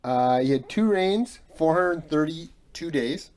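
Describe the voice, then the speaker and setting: A man's voice: on the high side, expressive, slow, darkish tone. A man co-hosting a podcast, teasing and arguing his picks in casual chat. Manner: teasing, argumentative. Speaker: podcast co-host.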